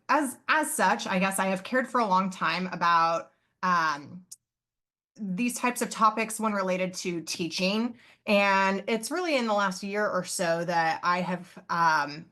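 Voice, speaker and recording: A woman professor presents live over a video call, her voice bright and forceful. She explains earnestly, pausing on fillers and correcting herself as she goes. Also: medium pitch. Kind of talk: live online conference presentation.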